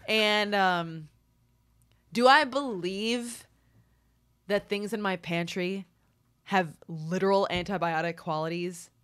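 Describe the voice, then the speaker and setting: A woman's voice: mid-range voice, slow, long pauses, fairly bright tone, clear, resonant tone. A woman chatting casually as a podcast co-host, rambling, swearing freely and laughing easily. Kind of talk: casual chat.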